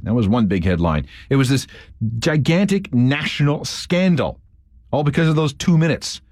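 A man narrates a scripted radio history show in a storytelling manner. His mid-pitched voice moves a lot up and down. The sound is dry and close, with no room around it. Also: sing-song, moderate pace, darkish tone, dry recording. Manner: storytelling, acts out quotes. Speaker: radio host.

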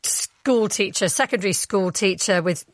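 A woman's voice: mid-range voice, normal speed, dry recording. A female radio presenter introducing a guest and asking questions in a friendly way.

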